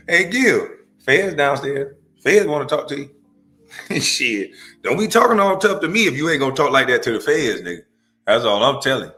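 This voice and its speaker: A man's voice: medium pitch, big pitch swings, moderate pace, sharp tone, faint music behind. A man in his forties hosting a comedic reaction stream, brash and profane, trash-talking and laughing often. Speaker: livestream host.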